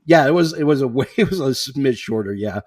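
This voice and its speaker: A man's voice: mid-range voice, expressive, brisk, darkish tone, breathy edge, dry recording, studio quality. Upbeat chatty man hosting a podcast. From Boston. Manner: upbeat, chatty, reads out listener messages. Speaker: podcast host. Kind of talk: casual chat.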